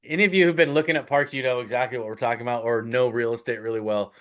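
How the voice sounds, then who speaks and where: A man leading a live teaching webinar, talking loosely and conversationally. His voice sits at an ordinary middle pitch. He gives emphatic, direct advice and tosses in quick check-ins with the audience. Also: fairly even intonation, fairly bright tone, clear, resonant tone. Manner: casual, conversational, with frequent "right?" check-ins. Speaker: host teaching real estate investing.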